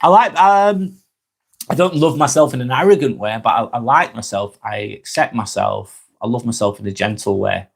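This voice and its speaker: A man's voice: mid-range voice, normal speed, creaky, breathy edge. Chatty man reading live comments. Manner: chatty, reads comments aloud and replies frankly. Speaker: live stream host.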